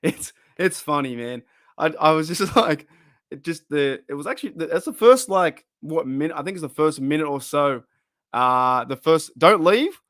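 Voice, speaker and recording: Live-stream host, Australian man, slightly high voice, loose rambling delivery, dry close mic. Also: lively intonation, moderate pace, a bit bright, no echo. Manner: rambling, laughs often, trails off and restarts. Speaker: fan channel host. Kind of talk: casual live-stream chat.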